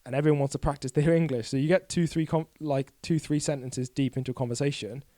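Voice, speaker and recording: Here a guest cyclist in his 20s talks on a casual podcast, candid and a bit rambling, often self-deprecating. His warm, mid-range voice moves at a quick pace with fairly even intonation, and there's no echo.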